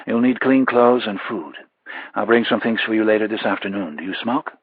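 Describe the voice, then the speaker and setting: Brief: cold secretive hitman, terse and hushed, low and husky, read by a man; dull lo-fi sound. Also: moderate pace, dry recording. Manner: terse, quiet, evasive. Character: cold, secretive male assassin.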